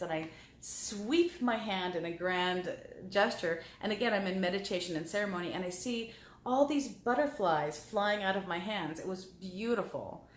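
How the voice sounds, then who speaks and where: A woman's voice: medium pitch, moderate pace, echoey room, slight background noise. A woman guest on a talk show, telling personal stories in a heartfelt way and repeating words as she remembers. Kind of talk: personal storytelling.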